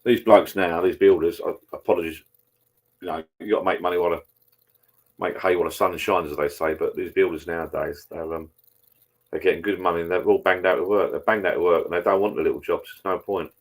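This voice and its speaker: Husky low-voiced man chatting. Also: fairly even intonation, fast. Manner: rambling, chatty, reads out viewer comments. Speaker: live-stream host. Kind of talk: casual live-stream chat.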